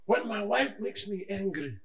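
A male pastor preaching a lively sermon, moving between shouts and hushed asides and acting out conversations in his stories. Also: sits high, moderate pace. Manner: acts out dialogue in his stories.

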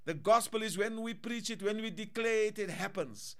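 A man preaches with fervent, rhythmic declarations. His voice sits high and rings clear and smooth as he calls out to those listening. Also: normal speed. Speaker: pastor. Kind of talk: sermon.

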